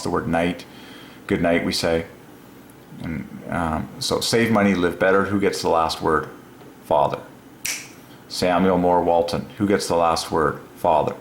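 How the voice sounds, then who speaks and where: A man hosting his own video channel, talking through an excited solo monologue that rambles, exclaims and breaks into chuckles. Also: fairly low pitch, a little hiss or hum. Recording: roomy echo with faint ambience.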